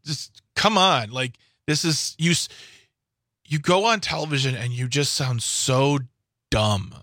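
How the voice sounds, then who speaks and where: A man co-hosts a talk radio show, exasperated and sarcastic, stumbling over restarts as he vents. His voice is bright and tense. The studio sound is dry. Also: mid-range voice, measured pace, no room sound. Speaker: radio co-host. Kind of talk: casual political talk.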